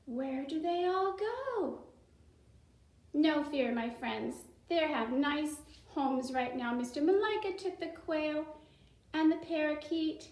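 High-voiced preschool teacher telling a story. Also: female voice, low-quality recording. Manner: animated, sing-song, slow and gentle. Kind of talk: storytelling to young children. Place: home.

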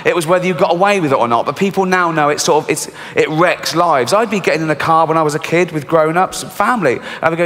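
A middle-aged man with an English accent doing a stand-up comedy set, swearing freely and telling dark jokes in a deadpan way. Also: fairly high pitch, fast talker, few pauses. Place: large theatre stage. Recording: reverberant live theatre recording, faint hiss.

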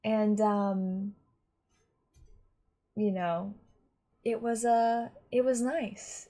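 A woman's voice: mid-range voice, steady tone, slow, pauses often, warm tone. A woman giving casual reaction commentary on an anime, talking in a rambling, chatty way with lots of restarts.

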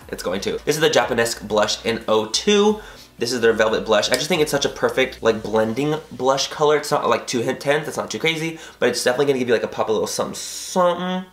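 A young man chatting through a makeup tutorial, animated and rambling, with casual swearing and frequent tangents. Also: medium pitch, echoey room. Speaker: beauty vlogger.

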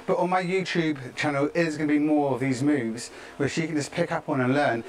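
A man's voice: a little high, steady tone, fairly quick. A man coaching a live-streamed workout, chatty and encouraging, often checking in with "yeah?". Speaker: fitness coach. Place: outdoors, in the tropics.

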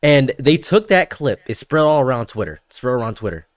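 Male guest, animated storyteller, stammers, dry booth sound. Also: medium pitch, a little fast, no room sound. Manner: rambling, animated anecdotes with stammered restarts. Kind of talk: casual storytelling chat.

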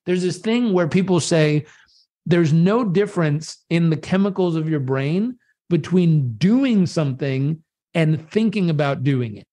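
A man as a guest on a live video chat, talking about coaching in a lively, storytelling way and acting out voices in his quotes. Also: a little high, a little slow. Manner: animated storyteller who acts out voices in quotes. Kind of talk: conversational coaching talk. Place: live social media video conversation.

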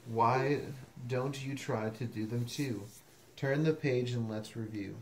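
A woman with a strikingly deep voice reads a children's picture book aloud at an unhurried pace. She playfully acts out the animal and noise sounds and coaxes the listener to try them too. The room is echoey. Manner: coaxing, asks the listener to join in. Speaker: storyteller.

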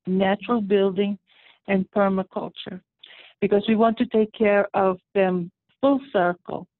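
A woman guest calling into a radio talk show, explaining her work in a steady, methodical way. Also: mid-range voice, no echo. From raised in the Roma community. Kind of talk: radio interview by phone. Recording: tinny phone line.

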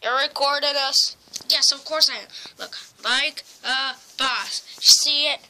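Bright, high-voiced woman filming toys. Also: unhurried. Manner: playful, talking to her toys. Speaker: plush video maker. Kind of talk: plush toy skit.

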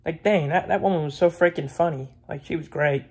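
A man's voice: fairly high pitch, brisk, darkish tone, breathy edge. A man vlogging in a casual, rambling rant, blunt and opinionated, repeating himself and swearing freely.

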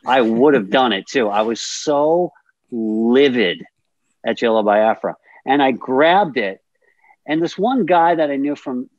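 A man in his fifties, a podcast guest, telling stories in a lively, profane way and acting out the scenes. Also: medium pitch, no echo, highs cut off. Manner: animated, profane, acts out scenes. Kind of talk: casual storytelling.

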